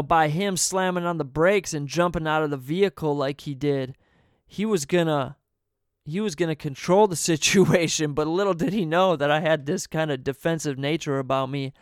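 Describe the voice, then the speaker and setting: A man's voice: on the high side, normal speed, smooth, no room sound, clean studio sound. A man casually telling a story in a profane, laid-back way, laughing between sentences and dropping "man" often.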